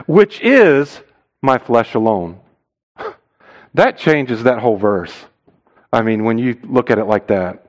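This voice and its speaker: A man preaching a sermon as a missionary, stressing key phrases hard, dropping to quiet asides and putting rhetorical questions to the congregation. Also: rough recording. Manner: emphatic, swinging between loud stressed phrases and low quiet asides.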